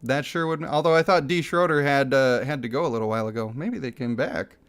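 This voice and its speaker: A man hosting a live game stream, chatting with viewers and thanking supporters, quick to laugh. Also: medium pitch, clean tone. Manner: excitable, laughs easily, thanks viewers by name. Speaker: streamer and gaming channel host.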